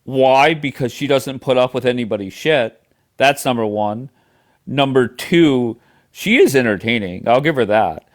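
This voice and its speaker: A man's voice: medium pitch, expressive, measured pace. Profane, combative man hosting a livestream. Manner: profane, combative, talks over others. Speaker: livestream host. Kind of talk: heated livestream argument.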